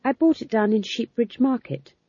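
A woman doing a fretful young witch in a storybook reading, pitched high above the narration and quavering as she defends herself. The voice sounds earnest and breathy. The recording is dull and dry. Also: lively intonation, moderate pace, mellow, no echo. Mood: defensive.

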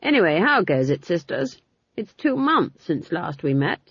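A woman's voice: fairly low pitch, sing-song, normal speed, fairly bright tone, breathy edge, no room sound, voice pushed up, full character voice. A woman voicing a stern elderly witch who speaks in a brusque, disapproving way. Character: stern elderly female witch, dry and proud. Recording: dull lo-fi dry recording.

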